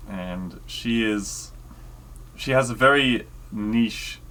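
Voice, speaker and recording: A man co-hosting a casual podcast chat, talking hesitantly with many pauses and fillers. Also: on the low side, pushed and bright. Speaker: podcast co-host.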